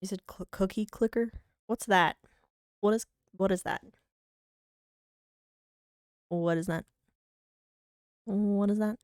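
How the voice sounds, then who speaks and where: A woman's voice: medium pitch, takes it slowly, long pauses, clear, resonant tone, no echo, clean studio sound. A young woman streaming a game from home, chatting casually in a rambling, mock-whiny, self-deprecating way. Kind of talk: casual live-stream chat.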